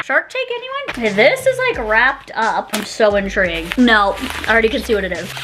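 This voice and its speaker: A young woman chatting casually as she unboxes and taste-tests snacks, giggling often and gushing with excitement. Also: on the high side, normal speed, background noise. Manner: giggly, gushing, lots of exclamations. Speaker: YouTuber taste-testing snacks.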